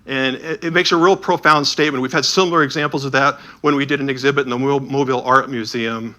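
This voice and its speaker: A man's voice: mid-range voice, steady tone, fast talker, bright, forceful tone. A man presenting images from an illuminated Bible and telling stories about them. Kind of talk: storytelling talk with slides.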